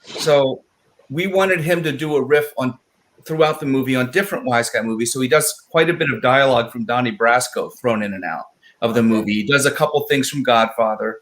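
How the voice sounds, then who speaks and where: Man, film writer, animated storyteller, acts out quotes in voices, middle pitch. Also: brisk. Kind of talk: casual storytelling in a live panel.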